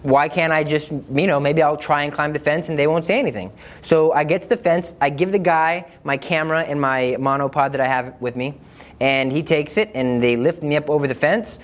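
A man telling a personal story in a lively way, acting out the dialogue in higher voices and dropping low and slow for serious asides. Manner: lively, acts out dialogue with raised pitch. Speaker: storyteller recounting a trip.

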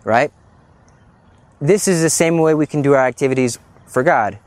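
A man preaching a sermon in an animated, scolding way, acting out little scenes as he goes. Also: fairly high pitch, fairly quick, no echo.

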